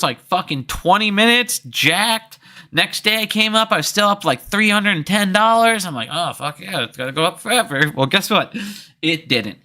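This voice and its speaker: Bright-voiced, profane man ranting to viewers. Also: mid-range voice. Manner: profane, rambling, heated. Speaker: stock trading channel host. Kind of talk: casual unscripted monologue to viewers.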